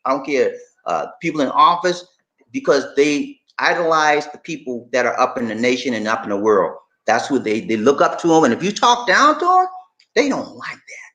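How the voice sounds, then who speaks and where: A man's voice: mid-range voice, very animated, moderate pace, bright, forceful tone. A middle-aged man co-hosting a casual live stream, reading viewer comments and talking straight to the audience in an emphatic, repetitive way.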